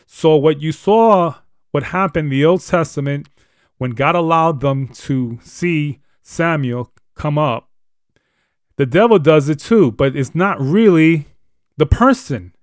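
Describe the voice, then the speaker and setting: A man's voice: a little high, takes it slowly, no room sound, studio quality. A man hosting a live show, teaching on the Bible in an earnest, emphatic, repetitive way. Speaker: host.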